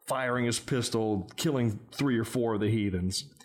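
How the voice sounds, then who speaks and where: A man's voice: medium pitch, moderate pace. Man recapping a movie plot. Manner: narrates the plot step by step, with filler words. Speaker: podcast host. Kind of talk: casual chat recapping a movie.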